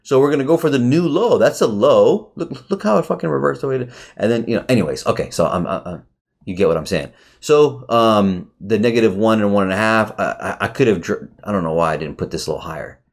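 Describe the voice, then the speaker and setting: A man talking casually through a trade review on his charts, excitable and swearing often, with sudden jumps in pitch. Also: fast talker, vocal fry. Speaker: trading educator.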